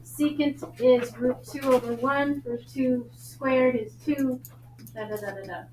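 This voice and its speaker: A woman math teacher with a Long Island accent, teaching a class in a brisk, joking way and quizzing her students. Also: high voice, fairly even intonation, a little mellow. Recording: echoey classroom, faint noise.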